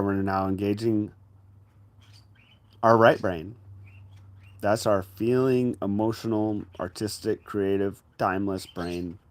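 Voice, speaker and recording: A man giving a casual spiritual talk in a reflective, conversational way, addressing the listener directly and sometimes bursting into loud acted-out inner voices. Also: on the low side. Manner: acts out inner voices with sudden loud exclamations. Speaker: spiritual teacher.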